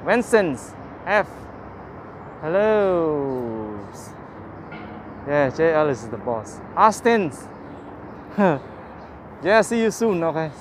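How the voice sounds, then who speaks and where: A cheerful man with a high voice talks slowly through a walking-tour livestream, thanking viewers by name in simple broken English. He is outdoors on a phone mic, with faint city sounds behind him. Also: sing-song, slight background noise. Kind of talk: casual live-stream chat. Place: outdoors in a city park by the waterfront.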